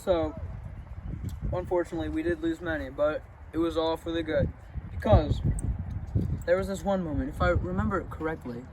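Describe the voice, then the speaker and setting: A man's voice: a little high, steady tone, normal speed, long pauses, natural voice. A young man playing a stammering frontier general. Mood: puzzled. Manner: stammering, casual. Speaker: interviewee in a school history skit. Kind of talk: amateur comedy sketch acting. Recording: noisy background.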